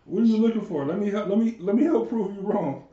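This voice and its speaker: Guy cohosting a podcast, high mellow voice, keeps laughing in disbelief, echoey lo-fi sound. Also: fast talker, slight background noise. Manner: animated, incredulous, laughing often. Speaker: podcast co-host. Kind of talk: casual political banter. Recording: roomy, dull lo-fi sound.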